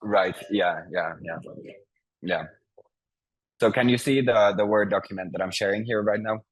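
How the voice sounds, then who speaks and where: A man leads an online language lesson over a video call. His voice sits on the low side, and he speaks patiently, pausing with fillers and restarting his sentences as he explains. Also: fairly even intonation, poor audio. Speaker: Finnish teacher. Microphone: video call mic.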